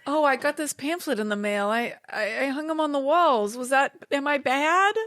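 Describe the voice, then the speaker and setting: A woman's voice: sits high, normal speed, a bit bright. A woman voicing a flustered 1930s suburban dad who stammers sheepishly.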